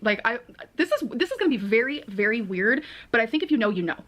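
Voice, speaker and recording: A woman's voice: a little high, big pitch swings, fast, fairly bright tone. A woman speaking earnestly in a rambling confessional vlog, full of "like" fillers. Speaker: vlogger.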